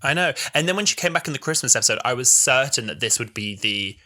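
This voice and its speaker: Very bright-voiced young man, podcast co-host. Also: medium pitch, fast talker. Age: 20s. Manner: animated storytelling, acts out quotes. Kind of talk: casual chat.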